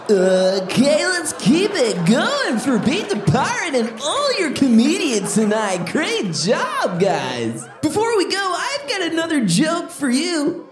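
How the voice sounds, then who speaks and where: A woman's voice: high-pitched, wildly swooping pitch, slow pace, music in the background. A woman hosting a children's stand-up comedy podcast with a bubbly, laughing manner. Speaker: host. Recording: roomy echo.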